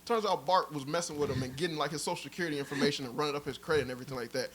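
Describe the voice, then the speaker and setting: A man's voice: on the high side, racing, fairly bright tone, slight background noise. A man in casual podcast chat, laughing often as he retells cartoon scenes and acts out the lines. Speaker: podcast co-host.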